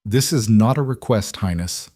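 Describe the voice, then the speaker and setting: A man's voice: on the low side, normal speed, a little mellow, slightly rough, no echo, studio quality. A man doing a growling northern wolf alpha. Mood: solemn. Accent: thick northern. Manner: growling, solemn. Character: huge scarred old wolf alpha, gruff and fierce.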